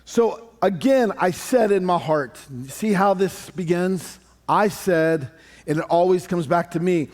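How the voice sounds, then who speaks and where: A man preaching a sermon as pastor, animated and conversational with touches of humor. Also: high-pitched, measured pace. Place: church sanctuary.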